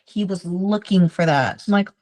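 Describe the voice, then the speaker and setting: Woman with a lowish voice sharing stories about kids she's worked with, acts out the quotes. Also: normal speed, poor audio. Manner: tells client stories, acting out quoted lines in a lively way. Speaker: behavior specialist. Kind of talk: conversational teaching with stories.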